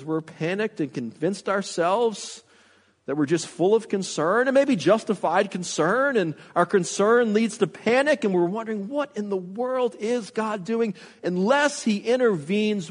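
A man's voice: high voice, expressive, measured pace. A man preaching a sermon as a pastor, earnest, with rhetorical questions to the congregation and frequent restarts. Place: church sanctuary. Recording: long reverb of a large hall.

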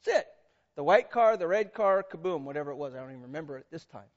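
A man preaching a sermon as pastor, animated and conversational, drawing the congregation in with questions. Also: a little high, fast talker, lo-fi sound. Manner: animated, conversational, quizzes audience.

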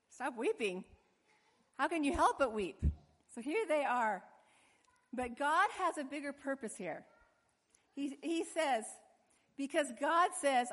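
A woman preaching a sermon in an animated way, acting out the voices of the people in her story. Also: high voice, unhurried, long pauses. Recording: long hall reverb.

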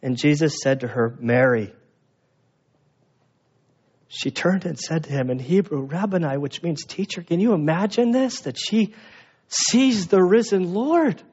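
Animated man preaching, dull lo-fi sound. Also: a little high, breathy edge. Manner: animated, acts out voices of people in the story. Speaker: pastor. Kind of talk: sermon.

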